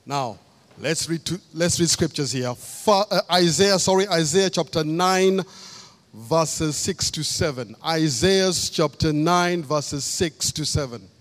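In a church hall, a slow-speaking Kenyan man delivers a sermon in a slightly high voice. Repeating key phrases to hammer each point, he sounds wrapped in long, ringing hall reverb.

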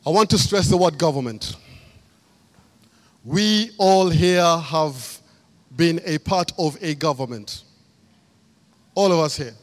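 A man's voice: fairly high pitch, slow, long pauses. A man from Kenya preaching a sermon, stressing key phrases by repeating them. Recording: long hall reverb.

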